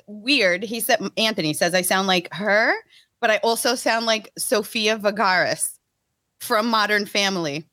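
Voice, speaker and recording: A woman with a New York accent co-hosting a podcast, playful and lively in casual chat. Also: mid-range voice, measured pace, dry recording. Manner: playful, lively, does impressions. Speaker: podcast co-host.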